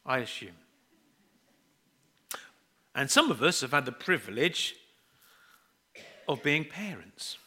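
Lively, bright-voiced preacher. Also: male voice, medium pitch, slow pace, long pauses, breathy edge. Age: middle-aged. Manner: chatty, self-deprecating storytelling, acts out quoted voices. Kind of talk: sermon with family anecdotes.

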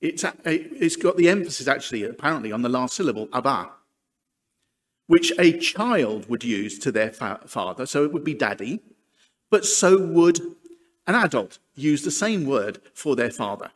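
A man's voice: mid-range voice, lively intonation, moderate pace. A man preaching a sermon, chatty and self-deprecating with humorous asides. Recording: long hall reverb.

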